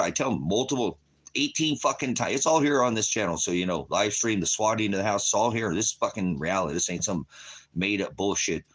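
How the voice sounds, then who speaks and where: A middle-aged man vents to camera in a furious, profane rant. He swears nearly every line and his voice jumps into shouting when he gets worked up. Now and then he mimics other people in mocking put-on voices. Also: on the low side. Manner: mocks others in quoted voices. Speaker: vlogger.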